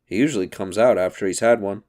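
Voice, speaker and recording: A man's voice: fairly low pitch, quick pace, a little mellow, close to an everyday voice. A man reading aloud, voicing a grasping middle-aged husband with a sardonic edge.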